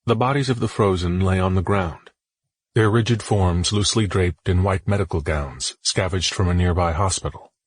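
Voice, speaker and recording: Husky low-voiced male audiobook narrator. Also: moderate pace, no echo.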